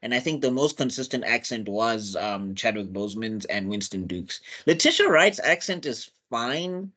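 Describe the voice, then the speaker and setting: A man's voice: mid-range voice, lively intonation, normal speed, pushed and bright. A man, chatting casually on a film review panel, opinionated and rambling, often restarting his sentences. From South Africa.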